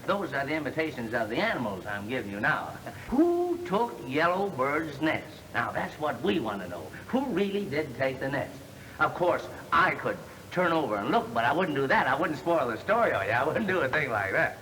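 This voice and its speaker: An actor playing a slick, fast-talking salesman in a 1930s film comedy, glib and wisecracking, reading aloud in a mock-solemn way. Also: medium pitch, sing-song, a bit bright, a little hiss or hum, rough recording. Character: slick smart-aleck young salesman.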